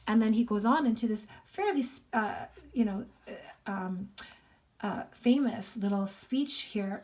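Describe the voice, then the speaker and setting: A woman's voice: medium pitch, measured pace, darkish tone. A woman teaching a literature lesson, explaining casually with many fillers. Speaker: English teacher.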